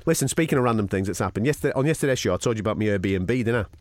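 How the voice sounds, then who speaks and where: A man's voice: on the low side, rapid-fire, no echo. A man, co-hosting a podcast and telling a funny story, slipping into other people's voices as he retells it. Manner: animated, mimics voices while retelling. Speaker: podcast co-host. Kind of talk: casual storytelling chat. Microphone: studio mic.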